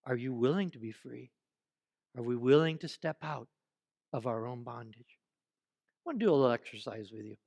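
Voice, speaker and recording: A man preaching a sermon at a church service, animated and playful, leading the congregation in call-and-response exercises. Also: medium pitch, normal speed, creaky, pauses often. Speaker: pastor.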